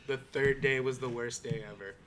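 A man's voice: mid-range voice, steady tone, normal speed, fairly bright tone, slight background noise. A man who laughs easily, telling a loose, casual story among friends. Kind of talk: casual chat.

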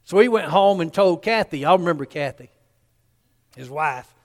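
A man's voice: a little high, animated, normal speed, long reverb tail. A man, preaching a sermon in a folksy storytelling way and acting out the people in his story.

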